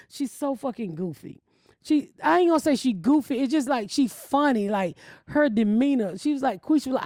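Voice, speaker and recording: Brash, profane woman with a lively voice. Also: on the high side, brisk, no echo, studio quality. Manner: brash, profane, animated storytelling. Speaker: podcast host. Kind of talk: casual podcast chat.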